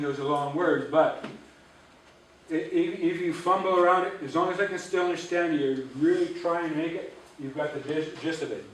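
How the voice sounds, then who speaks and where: A man's voice: on the high side, a little hiss or hum. Man teaching in an echoey hall. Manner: patient, repeats and drills syllables slowly. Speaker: Ojibwe language teacher. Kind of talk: classroom language lesson. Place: library auditorium. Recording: echoey room, voice from a distance.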